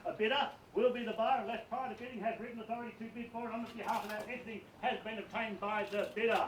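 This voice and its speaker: A high-voiced man auctioneering a house sale, projecting formally as he runs through the contract and conditions. He is caught from well away from the camera, with a roomy echo around his voice and faint outdoor ambience behind. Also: fairly even intonation, fast, a little hiss or hum. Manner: projecting, reads out contract terms. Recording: distant and roomy, picked up from afar.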